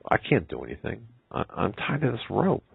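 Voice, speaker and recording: A man's voice: fairly low pitch, huge pitch swings, normal speed, vocal fry, slightly rough, dry recording, voice pushed up, heavily acted. A man voicing a shy, unsure young male elephant in a read-aloud story. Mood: timid. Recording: tinny phone-like line.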